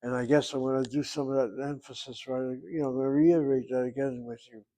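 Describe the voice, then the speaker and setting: A man's voice: mid-range voice, fairly even intonation, fast, mellow. A man teaching a Hebrew grammar lesson, explaining patiently and methodically and repeating words as drills.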